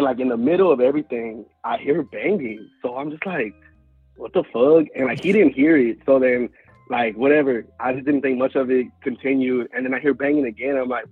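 A man's voice: mid-range voice, fairly quick, slightly rough, dry recording, narrow, tinny audio, faint music behind. A man in his twenties from Houston telling a story casually, full of slang, swearing and fillers. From Houston, Texas. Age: 20s. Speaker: guest storyteller.

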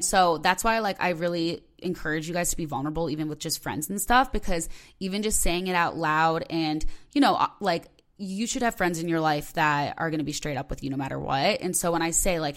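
A young woman in her twenties hosts her own podcast in a loose, rambling, confessional way, leaning on "like" as she talks. Her voice sits a little low and carries a fragile edge, as if tears are not far off. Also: fairly quick, a bit bright. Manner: emotional, rambling, heavy use of "like". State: close to tears. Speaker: podcast host. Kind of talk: casual solo podcast talk.

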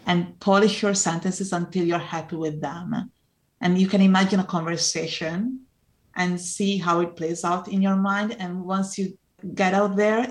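A woman with an Italian accent, a non-native English speaker, answering interview questions in an earnest, encouraging way. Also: on the low side. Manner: earnest, encouraging, laughs often. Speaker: Italian teacher guest.

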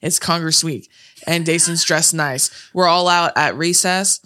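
Young woman, bright voice, casual storytelling, swears a lot, laughs often, animated. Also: deep voice, measured pace.

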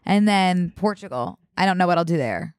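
A woman co-hosts a podcast in a lively, chatty way. Her voice is fairly low but swoops around a lot. The sound is close and dry. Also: normal speed, clean tone, no echo. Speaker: podcast co-host. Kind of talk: casual chat.

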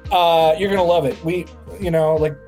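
A man's voice: fairly high pitch, fairly even intonation, normal speed, darkish tone, faint music behind. A man co-hosting a casual sports podcast, joking and rambling with lots of fillers. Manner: jokey, rambling, filler-heavy. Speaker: podcast co-host.

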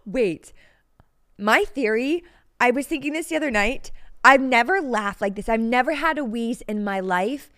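A woman's voice: a little high, lively intonation, moderate pace, a bit bright. A young woman co-hosting a podcast, chatting casually, giggling often and rambling through her stories. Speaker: podcast co-host. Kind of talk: casual chat.

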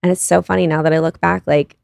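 Low creaky-voiced woman, candid. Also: steady tone, quick pace, a little mellow, no room sound, studio quality. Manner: earnest and confessional, many "like" fillers. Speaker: podcast guest. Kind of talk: candid personal storytelling.

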